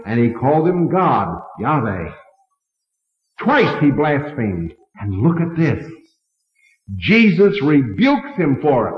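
A man preaching a sermon, telling a story and acting out the dialogue with big swings in his voice. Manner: dramatic, acts out dialogue with big pitch swings. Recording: roomy lo-fi hall recording.

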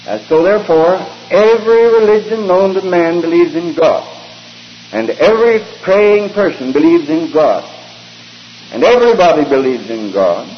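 A man preaching a sermon in a slow, deliberate way, pressing his points with emphasis. His voice sits a little high and rings through a long hall reverb. The recording is dull and lo-fi, with a faint hiss under it. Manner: deliberate, emphatic, drawn-out phrases with hesitant fillers.

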